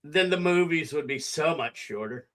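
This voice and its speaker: A man co-hosting a podcast, chiming in with quick wisecracks. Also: on the high side, lively intonation, fairly bright tone. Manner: wisecracking interjections. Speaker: podcast co-host. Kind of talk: casual podcast chat.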